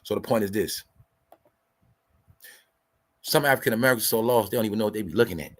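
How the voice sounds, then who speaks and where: A male host with a lowish, fairly bright voice talks fast through a heated commentary rant. He swears freely, argues hard and lectures his audience, hammering the same points again and again.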